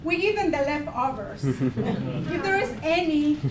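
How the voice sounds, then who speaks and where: A woman with a Mexican Spanish accent giving a humorous contest speech, deadpan and pausing for laughs. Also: high-pitched, distant mic. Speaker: contest speaker. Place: meeting hall with audience. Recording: echoey hall, mic from afar, crowd laughing.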